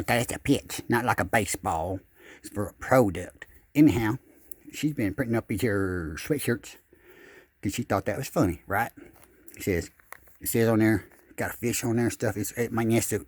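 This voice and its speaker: A man telling a rambling comic fishing tale in a folksy drawl, dropping deadpan asides. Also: on the low side, husky, no echo.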